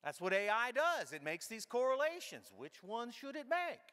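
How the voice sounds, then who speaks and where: Middle-aged male keynote speaker, comedic storyteller, bright and punchy, big hall echo. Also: very high voice, normal speed, clean tone. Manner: animated and irreverent, acts out his own thoughts. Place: large conference hall. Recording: long hall reverb.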